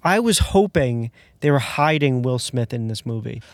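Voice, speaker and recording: A man's voice: medium pitch, lively intonation, moderate pace, dry recording. A man in casual film chat, rambling with many fillers and restarts. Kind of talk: casual movie review chat.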